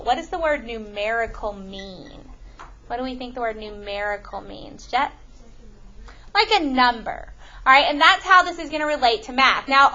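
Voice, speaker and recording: Woman, math teacher, animated, questioning students, bright tone. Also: a little high, lo-fi sound. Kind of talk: classroom lesson. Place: classroom.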